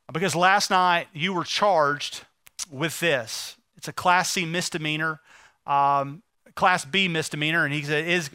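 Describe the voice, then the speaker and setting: A man preaching with a bright, high voice, recorded close and dry. He tells a story as he preaches, often dropping to a soft, hushed tone for tender moments. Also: clear, resonant tone, no echo. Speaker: pastor. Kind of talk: sermon.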